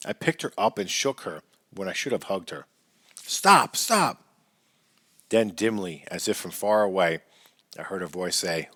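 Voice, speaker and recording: Low-voiced man reading a memoir. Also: dry recording, studio quality. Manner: measured, earnest storytelling, raised voice for shouted lines. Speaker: audiobook narrator. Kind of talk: first-person memoir audiobook reading.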